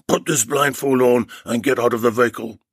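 A man voicing a menacing kidnapper with a husky, muffled voice in an audio story. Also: mid-range voice, steady tone, a little fast, no room sound, studio quality, close to an everyday voice.

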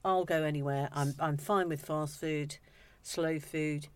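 A rambling, self-deprecating woman chatting as a guest food critic. Her voice sits on the low side and sounds close and dry, with no room around it. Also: steady tone, unhurried, clean tone, dry recording. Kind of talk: casual chat.

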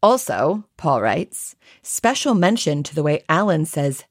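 An American woman co-hosting a podcast in casual chat, animated and chatty, reading listener messages aloud. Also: deep voice, measured pace, husky, no room sound, studio quality. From United States. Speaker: podcast co-host.

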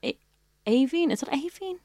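A woman's voice: sits high, animated, moderate pace, a little mellow, no room sound, studio quality. An Irish woman co-hosting an evening radio show, chatty and laughing easily. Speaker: radio co-host. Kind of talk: casual radio chat.

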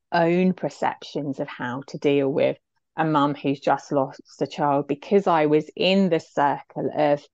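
A woman's voice: low-pitched, darkish tone, no room sound, dull audio. A woman, telling a personal story as an interview guest, heartfelt and reflective.

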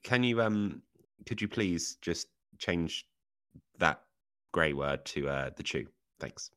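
A man's voice: sits low, lively intonation, takes it slowly, bright, forceful tone. A man co-hosting a podcast, chatting casually in a teasing, playful way. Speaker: podcast co-host. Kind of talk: casual chat.

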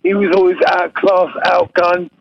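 Gravelly-voiced man on a dull line. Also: high voice, level tone, a little slow. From England. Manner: laughs easily, repeats himself. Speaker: guest boxer. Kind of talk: casual interview chat. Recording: dull lo-fi line, faint noise.

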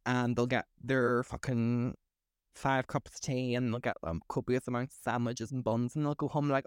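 A podcast co-host chats casually, talking animatedly and swearing freely between laughs. His medium-pitched voice has a flat delivery at a moderate pace and a clear, resonant tone, recorded in clean studio sound with no room sound.

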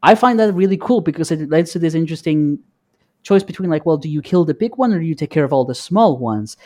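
Male podcast co-host, a touch higher-pitched, calm and methodical when explaining. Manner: measured and explanatory. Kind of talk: casual chat.

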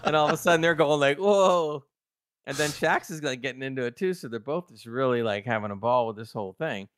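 Man co-host, mid-pitch, excitable recapper, dry close mic. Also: fairly quick, clear, resonant tone, dry recording. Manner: excitable, animated retelling with quoted reactions. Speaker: podcast co-host. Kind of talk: casual TV review chat.

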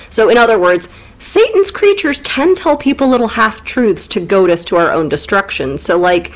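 A woman's voice: medium pitch, big pitch swings, moderate pace, rough recording. A woman co-hosting a comedic literature recap, irreverent and playful, swearing and slipping into mock voices. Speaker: podcast co-host.

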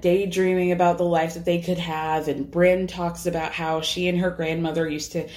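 A young adult woman hosting a podcast, recapping in a casual, animated way with voiced asides. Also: fairly low pitch, normal speed, hardly any pauses. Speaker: podcast host.

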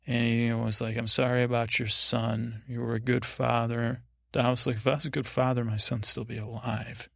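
A man's voice: mid-range voice, level tone, normal speed, vocal fry, a bit bright, no room sound, studio quality. A man hosting a podcast, giving a rambling, meandering sleep-aid recap of a TV episode. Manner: meandering, digressive retelling. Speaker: podcast host.

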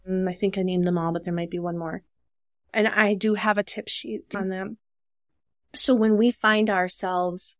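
A woman's voice: on the low side, no echo, clean studio sound. A woman with an Upper Midwest American accent, a dementia care professional, earnestly explaining caregiving tips in a podcast interview and acting out short example dialogues. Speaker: dementia care business owner and social worker.

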